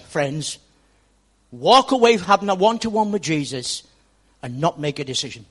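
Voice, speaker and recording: A pastor preaching a sermon in a church, speaking straight to the congregation and repeating words for emphasis. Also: male voice, fairly high pitch, very animated, moderate pace, long pauses, a bit bright.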